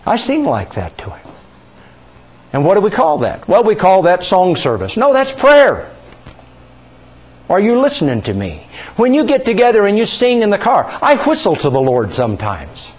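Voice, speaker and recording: A male pastor teaching a sermon, asking the congregation questions, repeating key words and stretching scripture quotes out slowly. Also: sits high, huge pitch swings, slightly rough.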